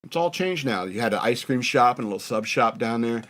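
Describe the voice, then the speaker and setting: This podcast host, a northern New York man in his forties, reminisces casually about growing up, wandering off-topic and poking fun at himself. He speaks briskly in a mid-range, slightly bright voice with lively intonation. There's a little background noise.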